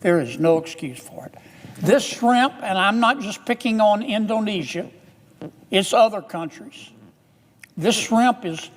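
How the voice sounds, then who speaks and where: A man with a Southern US accent speaking earnestly and haltingly in a formal address, stopping often on "uh". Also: high-pitched, animated, long reverb tail. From Louisiana. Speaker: public speaker in an archive clip.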